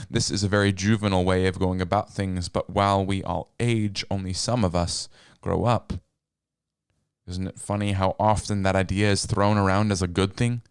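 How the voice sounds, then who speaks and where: A man giving scripted narration in a wry, deadpan, digressive manner. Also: low voice, vocal fry, clean tone, no room sound, clean studio sound.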